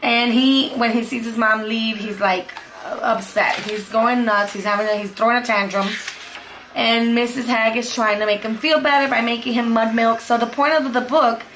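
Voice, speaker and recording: A woman's voice: fairly high pitch, fairly even intonation, normal speed, a bit bright, slight background noise. A woman vlogging as a homeschool mom, chatting casually and cheerfully about favorite picture books. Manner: chatty and upbeat, repeats "super cute". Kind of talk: casual book review vlog.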